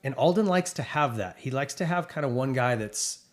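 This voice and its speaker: A man's voice: medium pitch, lively intonation, brisk. Chatty middle-aged man talking racing. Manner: enthusiastic, rambling with fillers. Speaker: podcast co-host. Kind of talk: casual chat about racing.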